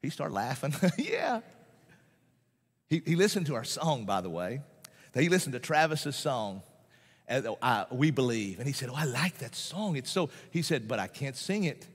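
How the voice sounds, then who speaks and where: A man's voice: medium pitch, sing-song, moderate pace, breathy edge. A man, a Baptist pastor, preaching a sermon in a folksy, emphatic way, often repeating phrases and laughing between points. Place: large church auditorium. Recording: long hall reverb.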